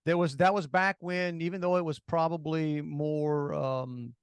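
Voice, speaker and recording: A middle-aged man co-hosting a casual talk show, animated and jumping between topics. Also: on the high side, measured pace, smooth, dry recording, studio quality. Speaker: co-host. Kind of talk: casual chat.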